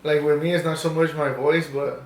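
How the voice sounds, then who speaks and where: Young dude cohosting a podcast, kinda higher voice, jokey and swears, roomy echo. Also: male voice, a little fast, slight background noise. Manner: relaxed, joking, profane. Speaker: podcast co-host. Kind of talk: casual chat. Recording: echoey room.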